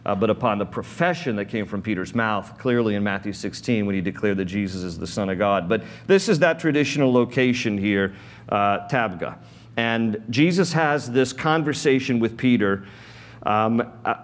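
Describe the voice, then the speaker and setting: Male pastor, mid-pitch, chatty sermon delivery with restarts and repeats. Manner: conversational, repeats words while building points.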